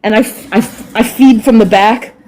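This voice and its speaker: Middle-aged woman guest, animated, salty storyteller. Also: fairly high pitch, normal speed, a little hiss or hum. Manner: animated, profane, laughs often. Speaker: podcast guest, dog groomer. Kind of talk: casual storytelling.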